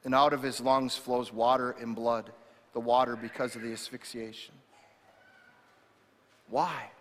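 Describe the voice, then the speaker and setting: A man's voice: medium pitch, level tone, measured pace, a bit bright. Impassioned male pastor in an echoing church. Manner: impassioned, repeats words when restarting. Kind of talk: sermon. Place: church sanctuary. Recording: reverberant church hall.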